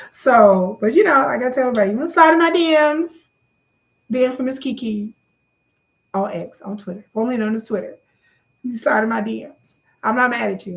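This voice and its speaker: A woman talking casually to her own channel's viewers, sassy and joking, repeating herself and jumping high when she gets worked up. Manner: sassy, joking, loose and repetitive. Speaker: YouTube creator. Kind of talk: casual chat to camera.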